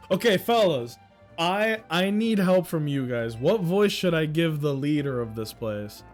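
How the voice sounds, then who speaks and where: Young man, streamer, excitable, profane, lively pitch, slightly high voice. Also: a little slow, soft background music. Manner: excitable, profane, joking with chat. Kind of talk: casual gaming commentary.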